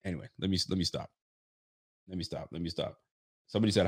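A man's voice: sits low, steady tone, fast, husky. A man hosting a casual sports podcast, joking and laughing as he riffs with his chat in slangy talk. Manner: talks to a live chat and audience. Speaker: podcast host.

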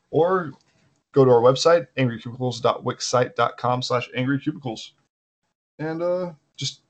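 Young male podcast co-host, mid-range voice, crude and sarcastic, quick to laugh. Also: mid-range voice. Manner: profane, sarcastic, laughs often. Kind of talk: casual crude podcast banter.

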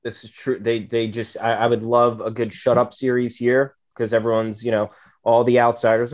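A man's voice: mid-range voice, level tone, normal speed, no echo, studio quality. A man co-hosting a sports podcast, talking in a loose, laid-back, profane way. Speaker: podcast co-host. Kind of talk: casual sports podcast chat.

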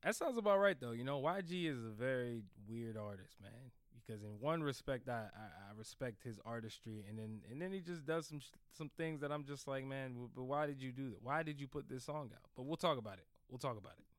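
Smooth-voiced laid-back male podcast co-host. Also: medium pitch, lively intonation, a little fast, hardly any pauses, no room sound, studio quality. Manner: laid-back, stammers and repeats words. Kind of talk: casual chat.

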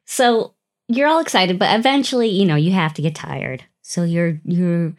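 Podcast host, young adult woman, lowish voice, playful, dramatic storyteller. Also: normal speed. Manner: playful, swearing, dramatic second-person storytelling with laughs.

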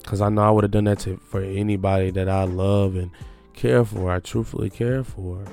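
Halting young man, low voice. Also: level tone, creaky, dark tone, faint music behind. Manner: halting, reflective, restarting sentences. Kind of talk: emotional personal confession.

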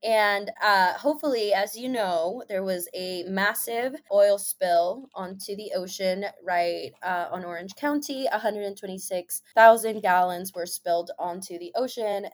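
A woman's voice: mid-range voice, measured pace, hardly any pauses. A young woman co-hosting a podcast in casual chat, telling stories animatedly, swearing freely and acting out what people said. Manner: animated storytelling, swears freely, acts out quotes. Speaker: podcast co-host.

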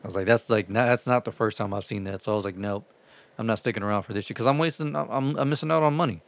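A man's voice: lowish voice, racing. A man telling rambling, profane stories about his delivery driving in a casual chat. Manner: profane, rambling, animated retelling.

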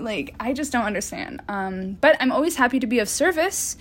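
A woman's voice: a little high, expressive, brisk, hardly any pauses. Chatty young woman, phone-recorded. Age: 20s. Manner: rambling, laughing, swears casually. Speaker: podcast host. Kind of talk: casual solo chat.

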